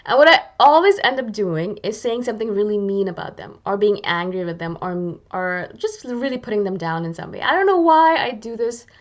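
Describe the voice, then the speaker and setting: A woman's voice: mid-range voice, expressive, a little fast, hardly any pauses, lo-fi sound. A woman hosts her own video channel, chatting casually into the camera in a mid-range voice. She pokes fun at herself as she goes and slips into little acted-out asides. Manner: chatty and self-deprecating, acts out little quoted asides. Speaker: YouTube channel host. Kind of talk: casual talking-to-camera vlog.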